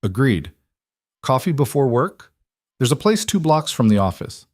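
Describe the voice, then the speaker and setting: A man voicing a patient single father who speaks gently and a little wryly. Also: medium pitch, big pitch swings, a little slow, no room sound, clean studio sound, pitched above the performer's own voice. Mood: gentle. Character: patient, wry single dad.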